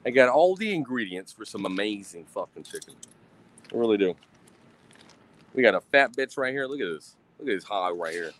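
Grilling outdoors, a man livestreams into his phone in a profane, rambling, self-deprecating way. His fairly low, fairly bright voice swings widely in pitch and moves a little fast; the low-quality audio carries some hiss or hum.

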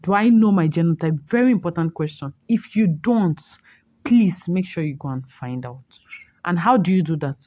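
A woman's voice: lowish voice, normal speed, no echo, dull audio. A young woman hosting a casual morning talk show, chatty and teasing, explaining things to her listeners. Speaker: host.

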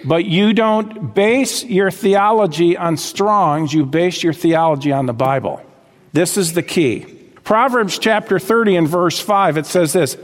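High-voiced emphatic preacher in a hall. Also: male voice, unhurried. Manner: emphatic, asks the congregation questions. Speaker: pastor. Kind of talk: sermon.

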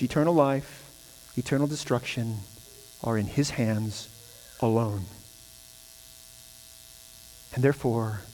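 A man preaching a sermon as pastor, building to emphatic, repeated phrases. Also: mid-range voice. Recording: hall reverb with mains hum.

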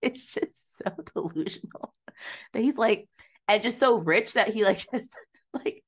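A woman's voice: medium pitch, lively intonation, a little slow, slightly rough. A woman co-hosting a podcast, chatting casually about a movie, swearing freely and slipping into mocking impressions. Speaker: podcast co-host. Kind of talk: casual movie-review chat.

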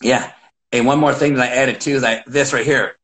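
A middle-aged man in a relaxed podcast conversation, telling coaching stories with plenty of energy. He speaks at an ordinary middle pitch. He acts out his own calls and shouts as he goes. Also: fairly quick. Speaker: wrestling coach. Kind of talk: casual podcast chat.

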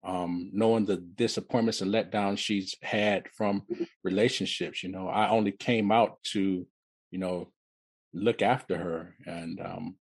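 In an interview, a man from Detroit in his fifties relates his life story with many restarts and repeated words. He speaks low and steady, gravelly and slightly rough, with no room sound.

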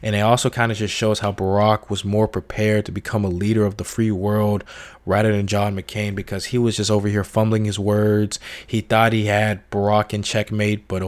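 Young man, low-ish voice, casual slangy book review, animated impressions of quoted people. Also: normal speed. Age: young adult.

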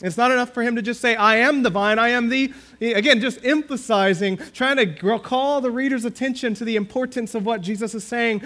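A man preaching a sermon who reads scripture slowly and leans hard on key phrases, often dropping to a hushed tone. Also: extremely high pitch. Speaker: pastor.

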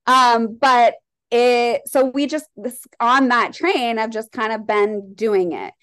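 Chatty woman, somewhat high voice. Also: steady tone, slow, a bit bright. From Colorado. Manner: rambling, heavy use of "like", candid. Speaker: guest, shop owner and leather artist. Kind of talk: casual conversational interview.

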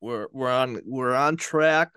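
Co-hosting a podcast, a man chats casually, laughs a lot, and acts out what other people might say. He speaks slowly with a medium pitch and a sharp, clear, resonant tone, in studio-quality sound with no room echo.

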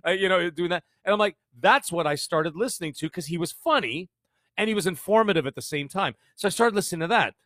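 Canadian man in his fifties, quick energetic guest, slightly high voice, dry close sound. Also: no echo. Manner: fast, energetic storytelling with frequent restarts. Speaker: podcaster guest. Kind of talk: casual interview chat.

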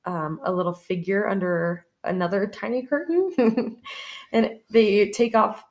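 A woman's voice: medium pitch, unhurried, a little mellow. Chatty woman recapping a movie. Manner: rambling storyteller, heavy on "like" and swearing. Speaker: podcast co-host.

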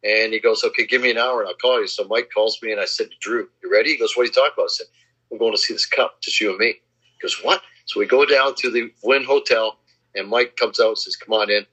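A man in casual chat, telling boastful anecdotes and acting out the quotes in a husky voice. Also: lowish voice, fairly even intonation, quick pace, sharp tone. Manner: boastful name-dropping anecdotes, acts out quotes. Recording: slightly dull lo-fi sound.

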